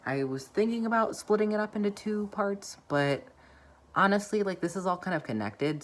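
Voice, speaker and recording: Very low-voiced young woman rambling. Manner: rambling, heavy use of "like"; chatty and self-deprecating. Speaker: vlogger. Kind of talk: casual vlog update. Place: at home.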